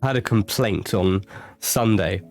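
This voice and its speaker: A man's voice: lowish voice, a little slow, vocal fry, darkish tone, faint music behind. A young man co-hosting a casual podcast, telling a work story and laughing often. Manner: laughs often, acts out customers in quoted voices. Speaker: podcast co-host. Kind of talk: casual chat.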